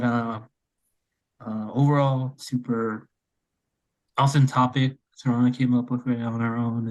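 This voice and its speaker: A man's voice: mid-range voice, a little mellow, low-quality recording. A young man in his twenties co-hosting a casual podcast, speaking earnestly with many fillers. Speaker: podcast co-host.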